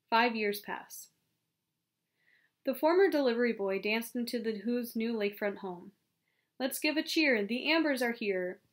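A woman reading a novel aloud as an audiobook narrator, in a steady storytelling manner. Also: medium pitch. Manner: steady storytelling with small self-corrections. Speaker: audiobook reader. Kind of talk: scripted narration.

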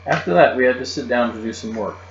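A man reading a children's chapter book aloud, expressive and lively in a child's first-person voice. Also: medium pitch, fast, creaky. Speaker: reader. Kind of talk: storybook read-aloud. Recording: muffled, roomy recording with mains hum.

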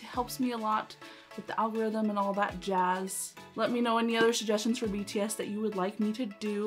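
A woman reacting to a music video, gushing with quick exclamations and casual asides. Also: mid-range voice, flat delivery.

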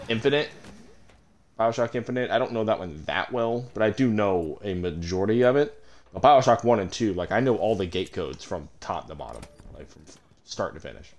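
A man's voice: sits low, animated, moderate pace. A man streaming a game, talking candidly and chattily to viewers, swearing offhandedly. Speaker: gaming streamer. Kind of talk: casual let's-play commentary.

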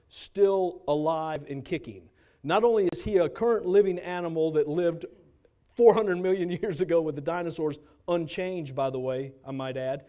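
A man's voice: fairly high pitch, dark tone. A man giving a teaching talk to a church congregation, conversational and dropping wry asides. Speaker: church speaker.

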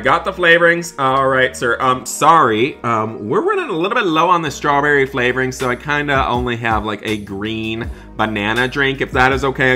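A man narrates his game role-play with bright, forceful energy, excitable and chatty, forever calling out to the viewers. Faint music plays underneath. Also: mid-range voice. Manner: upbeat and excitable, keeps addressing viewers as guys. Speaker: gaming YouTuber playing a barista.

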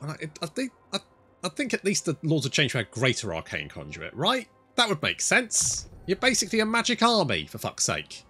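Male game streamer, lively bright voice, cheers and swears at his units, desk mic. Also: fairly high pitch, moderate pace, breathy edge, faint music behind. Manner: excitable, sweary, talks to units. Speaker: gaming channel host. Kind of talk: casual gameplay commentary.

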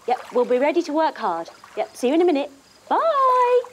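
A woman's voice: high-pitched, animated, fast, noisy background. A young woman leading a children's yoga story, playful and singsong, full of sound effects and movement cues. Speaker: kids yoga instructor. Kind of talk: guided kids yoga story.

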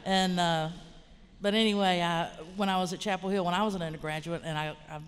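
A frank woman from western North Carolina in Appalachia, a writer and college teacher, tells casual stories on a panel in a large lecture hall. Her Southern Appalachian voice is lowish, steady, a little fast, clear and resonant. She's plainspoken and rambling, with mild swearing.

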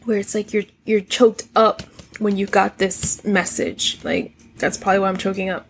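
A woman talks through a tarot spread in a casual, straightforward way, asking questions out loud and reading lyrics as messages. Her voice sits in a middle range with a gravelly, creaky texture. A faint noise runs under the recording. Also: medium pitch, steady tone. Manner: reads song lyrics aloud in a quick, soft recital; straightforward, musing, rhetorical questions. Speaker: tarot reader.

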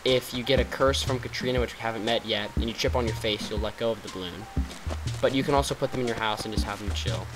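A man giving casual let's-play commentary over a cozy life game, chatty and rambling. He teases the characters with playful sarcasm as he goes. Loud game music fills the background. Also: lowish voice, fast, rough recording. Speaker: gaming vlogger.

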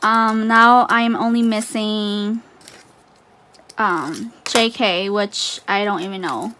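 A woman vlogger chatting casually through an unboxing, gushing and excitable with frequent laughs. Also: medium pitch, slow.

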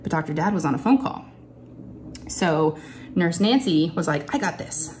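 Like a crafting vlogger speaking to viewers from her craft room at home, a middle-aged woman spins a long, casual story packed with asides. Her slightly low voice is chatty and animated at normal speed, with slight background noise.

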